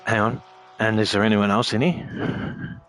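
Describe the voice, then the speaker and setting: A man's voice: lowish voice, steady tone, a little slow, a bit bright, a little hiss or hum. A laid-back Australian man chatting on a live sim racing stream. He rambles loosely and swears in nearly every line, talking easily to his viewers. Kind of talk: casual live-stream chat.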